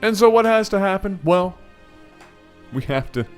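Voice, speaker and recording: A man hosting his channel, telling a funny personal story in an animated, playful way, often correcting himself mid-sentence. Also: high-pitched, moderate pace, clean tone, faint music behind. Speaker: channel host. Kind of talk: storytelling vlog.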